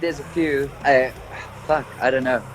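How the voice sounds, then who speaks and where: A man's voice: mid-range voice, steady tone, unhurried, slight background noise. A man, a vocalist guest on a video call, telling stories with an easygoing, dry humor. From South Africa. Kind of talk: casual storytelling.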